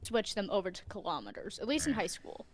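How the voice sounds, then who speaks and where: A woman's voice: mid-range voice, sing-song, brisk. A woman hosting a stream, casually explaining things in a hesitant way with many ums and likes. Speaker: streamer host.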